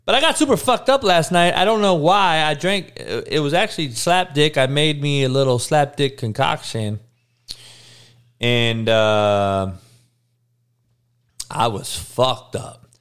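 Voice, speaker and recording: A man's voice: medium pitch, clean tone. Hungover male stream host, sluggish and profane, clean resonant voice. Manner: crude, blunt trash talk with frequent swearing; slow, monotone delivery. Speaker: live-stream host reading chat. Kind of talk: casual profane live-stream chat.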